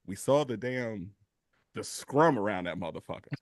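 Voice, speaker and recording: Animated man in casual sports talk. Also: lowish voice, moderate pace, no room sound, clean studio sound. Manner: animated storytelling, swearing freely, laughs and gets emotional. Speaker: podcast co-host.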